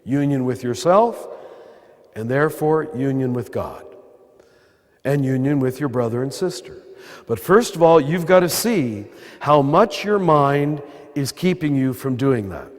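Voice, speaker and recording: Speaking as a priest to a live audience in a large cathedral, an older American man with a throaty, mid-range voice delivers a conversational spiritual talk sprinkled with wry asides. His delivery is expressive and measured, and the recording has long cathedral reverb.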